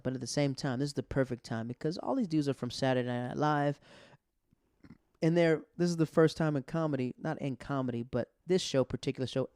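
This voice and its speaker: A man's voice: medium pitch, smooth, dry recording, studio quality. Slangy man telling a stand-up story. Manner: loose, slangy, animated retelling with quoted dialogue. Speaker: podcast host and stand-up comic. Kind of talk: casual storytelling monologue.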